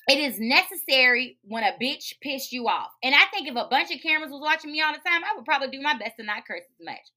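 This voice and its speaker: A woman hosting a podcast, talking in a profane, emphatic, animated rant. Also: sits high. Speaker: podcast host. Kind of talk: casual ranting monologue.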